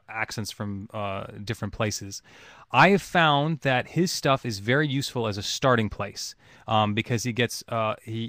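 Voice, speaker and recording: A man who is a voice actor answers fan calls in casual chat, thoughtful and relaxed, with many ums and uhs, over a webcam video chat. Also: medium pitch, no room sound.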